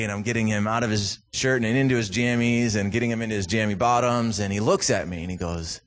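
Talking fast with few pauses in a fairly low voice, a youth ministry guest speaker from Minnesota preaches at a church. Likely in his thirties or forties, he swings between self-deprecating, jokey tales about his family and passionate preaching.

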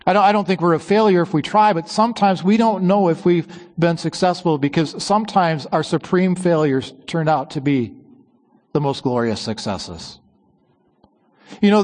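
A man preaching a sermon with strong emphasis, slowing on key words and dropping to a low hush at the ends of phrases. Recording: long church reverb.

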